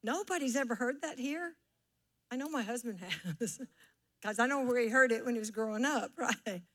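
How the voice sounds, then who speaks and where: High-voiced woman preaching a sermon. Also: expressive, moderate pace. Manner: warm teaching tone with audience call-and-response. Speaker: pastor.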